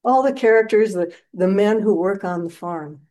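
A woman giving a dharma talk as a meditation teacher, telling a story in an animated, gentle and reflective way. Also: mid-range voice, moderate pace.

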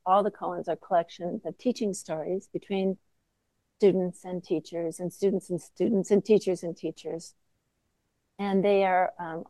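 A woman gives a dharma talk as a Zen teacher, her voice low-pitched and mellow. She speaks in a soft, reflective way, then breaks into sudden emphatic bursts, all recorded dry and close. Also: dry recording, low-quality recording.

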